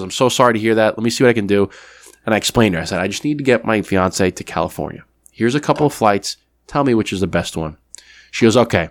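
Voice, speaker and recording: A man with a fairly low voice co-hosts a podcast, casually recounting a story and performing both ends of a phone conversation. The recording is dry.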